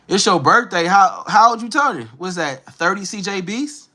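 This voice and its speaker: A man in his thirties from Northern California talks loosely and slangily to his viewers, with a Northern Californian accent. His voice is bright and forceful and sits a little high for a man. He answers viewers directly in an easy livestream chat. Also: big pitch swings, a little slow. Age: 30s. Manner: laid-back, slangy, talks straight to viewers. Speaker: livestream host.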